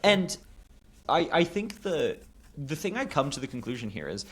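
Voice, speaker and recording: A man's voice: fairly high pitch, sing-song, normal speed, husky. A man hosting a casual political talk show, ranting sarcastically with frequent swearing. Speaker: podcast host.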